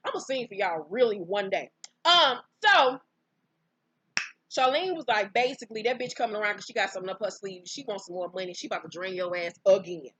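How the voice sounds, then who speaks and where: A woman recapping a reality show in casual, profane storytelling, bursting into high, loud exclamations. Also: animated, brisk, breathy edge. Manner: profane, brash, outspoken commentary; breaks into high-pitched exclamations.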